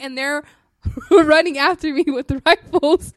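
A woman co-hosting a podcast, telling a story in a casual, profane, animated way. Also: high voice, moderate pace, no room sound. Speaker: podcast co-host.

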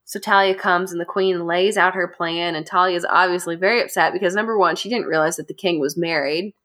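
A woman host casually retelling a dark fairy tale to friends, chatty and animated. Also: lowish voice, brisk. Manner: chatty, animated, laughs often. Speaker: podcast host.

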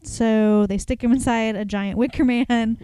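A woman's voice: a little high, fairly even intonation, measured pace, mellow, clear, resonant tone, dry recording. A woman co-hosting a podcast in casual chat, chattily retelling film plots in detail. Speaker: podcast co-host.

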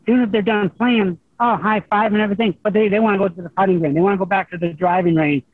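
High-voiced coach on a tinny phone line. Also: male voice, steady tone, quick pace, no room sound. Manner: rambling and humble, many restarts. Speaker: high school golf coach. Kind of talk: phone interview guest.

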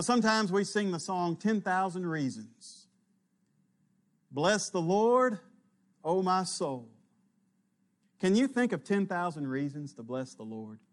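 A man delivers a sermon in an unhurried, emphatic way, letting his phrase ends sink low. His voice sits fairly high for a man. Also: fairly bright tone. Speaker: preacher.

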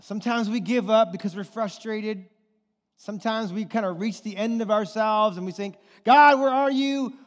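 A middle-aged male pastor preaching a sermon, animated and firing rhetorical questions at the congregation. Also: sits high, normal speed. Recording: long reverb of a large hall.

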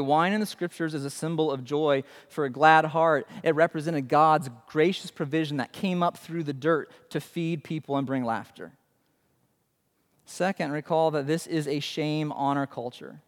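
A man preaching a sermon as a pastor, animated and conversational, asking his listeners questions. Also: on the high side, big-room sound.

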